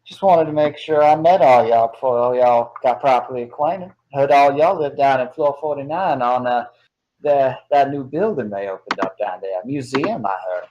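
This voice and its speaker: Man doing a folksy Southern cat-lady clerk for a tabletop game: gentle, chatty, drawling. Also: medium pitch, moderate pace, highs cut off, natural voice. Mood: friendly. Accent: put-on Southern US drawl. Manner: drawling, hospitable, with y'all and darling.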